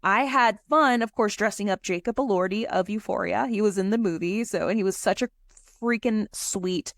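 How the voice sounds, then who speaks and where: A woman's voice: medium pitch, moderate pace, no room sound, clean studio sound. Chatty woman telling a story. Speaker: guest. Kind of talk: casual podcast storytelling.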